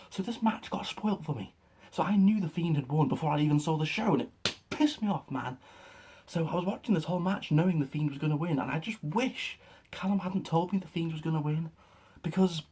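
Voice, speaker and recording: A young man excitedly recapping a wrestling show in a rambling, casual way, with lots of fillers and swearing. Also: on the high side, slightly rough. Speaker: wrestling reaction vlogger.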